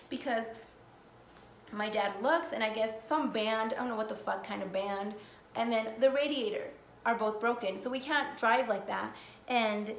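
A woman's voice: a little high, gravelly. Young woman telling a storytime in a roomy space. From United States. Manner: casual, swears often, heavy use of "like". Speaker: vlogger. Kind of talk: storytime vlog. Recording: echoey room, faint noise.

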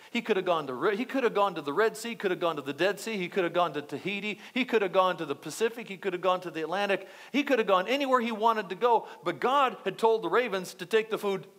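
A male pastor delivering an animated sermon in church, repeating phrases and checking in with the congregation. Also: sits high, quick pace, few pauses. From United States. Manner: animated, repetitive preaching with asides to the congregation.

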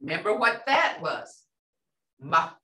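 A woman teaching a language class, patiently repeating words and checking in with "okay?". She talks slowly with a lively, swinging pitch. Her voice is picked up from a distance in a roomy, echoing classroom. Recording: roomy, off-mic classroom sound.

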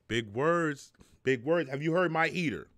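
A middle-aged man hosting a casual live stream, his pitch swinging up and down as he talks. He jokes, curses freely and reads viewers' chat aloud. His voice sits a little high for a man. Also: expressive, measured pace, fairly bright tone. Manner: loose, profane, joking, reads chat aloud. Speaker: live show host.

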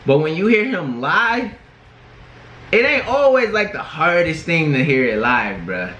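A man's voice: fairly high pitch, very animated, measured pace, sharp tone. A man in his twenties hosting a casual reaction video. He talks in a slangy, laid-back way, sprinkling his sentences with "bro" and "bruh". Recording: roomy echo with faint music. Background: faint music from the video being reacted to.

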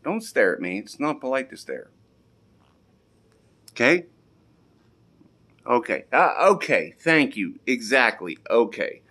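A man talks slowly to his pets in a home basement. His pitch swings widely as he plays the stern parent, and the scolding keeps softening into affection. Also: big pitch swings. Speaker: pet owner. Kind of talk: casual vlog, scolding pets.

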